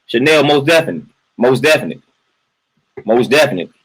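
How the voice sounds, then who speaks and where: A man's voice: mid-range voice, animated, fast, a bit bright, breathy edge, low-quality recording. A man venting in a casual livestream monologue. He repeats his points emphatically, keeps tagging lines with "man" and greets viewers from the chat in between. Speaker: livestream host.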